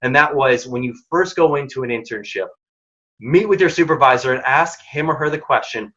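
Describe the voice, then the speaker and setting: Bright-voiced man giving blunt career tips. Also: medium pitch, expressive, fairly quick. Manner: direct, emphatic, casual wording. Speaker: workshop host and mentoring program founder. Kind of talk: instructive talk with career tips. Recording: dull lo-fi audio.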